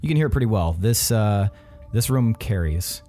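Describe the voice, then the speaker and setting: A relaxed man running a tabletop game as game master. His voice sits low with a mellow, dark tone. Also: normal speed, faint music behind.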